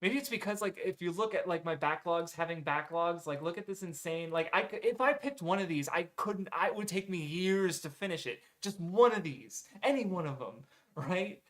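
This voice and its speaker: Rambling higher-voiced man chatting. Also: lively intonation, moderate pace, fairly bright tone. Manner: rambling, full of "um" and "like", self-correcting, casual swearing. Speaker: streamer reading viewer recommendations. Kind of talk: casual rambling chat.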